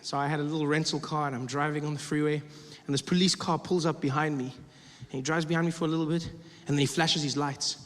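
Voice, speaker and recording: Guy doing stand-up, animated storytelling, fairly high voice, reverby venue, noisy. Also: fast talker. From South Africa. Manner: animated storytelling, acts out characters. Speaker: stand-up comedian. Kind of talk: stand-up comedy routine. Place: live comedy venue. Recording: reverberant live venue with noise.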